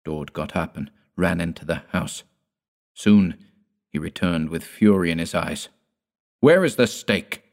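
A man narrating a gothic tale in the first person, in a measured, dramatic storytelling manner. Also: low voice, steady tone, darkish tone. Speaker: audiobook narrator.

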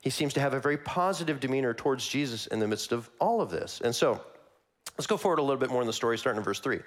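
A man preaching a sermon, walking through a Bible passage verse by verse in a conversational, animated way that acts out the characters. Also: mid-range voice, racing.

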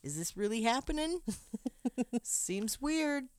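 A woman's voice: on the high side, very animated, slow pace, no echo. A woman recapping a film plot for a podcast, telling the story with joking asides. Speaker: podcast co-host. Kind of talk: movie plot recap and casual chat.

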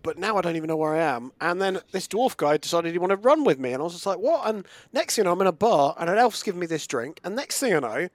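A man's voice: sits high, expressive, quick pace, hardly any pauses, no room sound. A man playing a tabletop game, talking in a sarcastic, joking way. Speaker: player.

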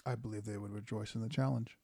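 A man playing a stern dragonborn cleric and war leader in a tabletop game, speaking low and formally. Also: steady tone, quick pace, gravelly, mellow, dry recording. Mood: solemn.

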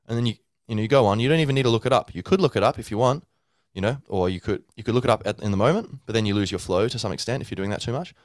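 Deep-voiced man rambling casually. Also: very fast, hardly any pauses, no room sound, studio quality. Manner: rambling, with many fillers and restarts; acts out a learner's inner thoughts. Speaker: podcast host. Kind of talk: casual teaching monologue.

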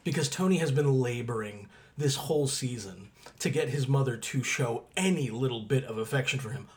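A man co-hosting a podcast about a TV drama. He speaks in a measured, thoughtful way, with a voice of middling pitch. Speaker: podcast co-host. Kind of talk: analytical casual discussion.

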